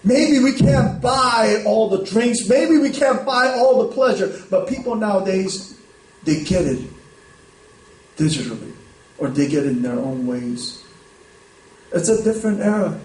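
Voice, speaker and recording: Casting: man, pastor, chatty storytelling sermon, fairly high voice, recorded from a distance in a church hall. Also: lively intonation, measured pace. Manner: conversational storytelling, frequent "right?" checks. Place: church sanctuary.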